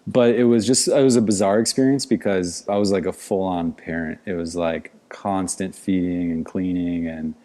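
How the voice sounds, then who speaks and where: A man's voice: low-pitched, fairly even intonation, moderate pace, hardly any pauses, mellow. A man, a podcast guest, telling a story in casual conversation, rambling with many "like" fillers. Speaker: podcast guest, outdoor educator.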